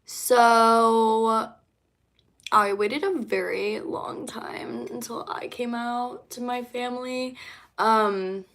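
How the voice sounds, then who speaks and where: A woman's voice: fairly high pitch, very slow, a bit bright. A young woman, a singer-songwriter, chatting casually on a livestream in a rambling way, with many fillers.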